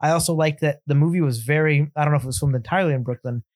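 A man's voice: on the high side, very fast, a little mellow, dry recording. Blunt opinionated man, dry close sound. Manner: blunt, opinionated, laughs often. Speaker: podcast co-host. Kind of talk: casual film review chat.

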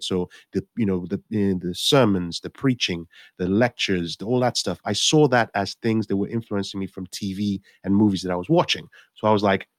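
A Nigerian actor in his forties tells his life story during an interview, his voice pitched on the low side. He rambles, often restarting and correcting himself, and acts out the thoughts he once had. The studio recording is clean and dry.

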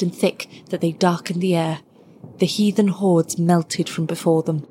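A woman narrating a story in a measured, scripted storytelling delivery. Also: lowish voice, fairly even intonation, dark tone, a little hiss or hum.

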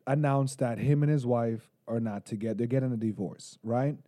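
A man from Canada co-hosting a podcast, chatting casually, excitable and joking with frequent laughs. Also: medium pitch, normal speed. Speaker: podcast co-host. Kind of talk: casual chat.

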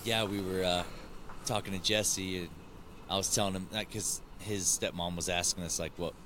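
A man with a somewhat low voice co-hosts a relaxed podcast. He rambles through his stories and chuckles often. There is a faint hiss of noise behind him. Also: normal speed. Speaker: podcast co-host. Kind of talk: casual chat.

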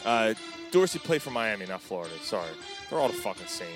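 A man's voice: fairly low pitch, very animated, fast talker, over music. A man hosting a casual sports podcast, chatting in a laid-back, profane way.

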